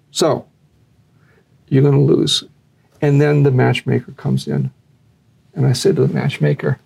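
A man's voice: sing-song, moderate pace, creaky, long pauses, a little mellow, slightly rough. A man telling a long story animatedly, raising his voice when he acts out what others said. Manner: acts out quotes with raised pitch.

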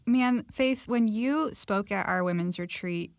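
A woman's voice: mid-range voice, unhurried, no echo, clean studio sound. Young woman co-host, eager and chatty. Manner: enthusiastic, many "like" fillers. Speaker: podcast co-host. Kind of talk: casual faith-based conversation. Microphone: call.

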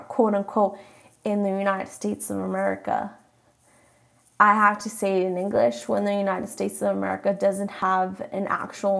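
Creaky-voiced young woman venting bluntly. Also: mid-range voice. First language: Spanish. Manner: blunt, exasperated, swears freely. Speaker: vlogger. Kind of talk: casual rant.

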